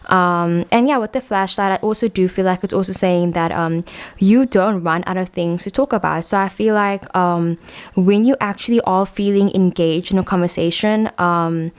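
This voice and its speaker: A woman's voice: on the low side, fairly even intonation, normal speed, clear, resonant tone. A young woman giving a casual tarot reading, chatty and frank, full of fillers. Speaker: tarot card reader.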